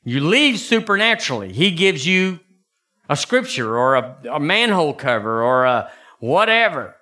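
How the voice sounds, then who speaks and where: Man, pastor; folksy animated sermon delivery; bright, slightly high voice. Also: normal speed. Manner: folksy, animated preaching with sudden high bursts.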